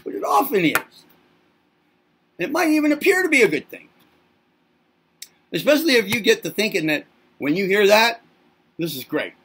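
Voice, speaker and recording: A man's voice: high voice, sing-song, moderate pace, pauses often, a bit bright, husky. A man hosting a self-help channel, speaking in a playful monologue to camera as if to babies. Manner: teasing, talks as if to babies.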